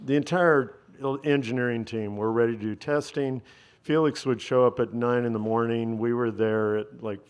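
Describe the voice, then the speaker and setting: A man as an interview guest, telling a long story and acting out the dialogue in it. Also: medium pitch. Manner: conversational, acts out quoted dialogue.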